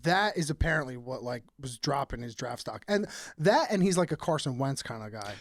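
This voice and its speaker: A man's voice: mid-range voice, lively intonation, brisk, no room sound, studio quality. A young man co-hosting a podcast in casual chat, telling stories animatedly, laughing often and saying "dude" a lot. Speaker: podcast co-host.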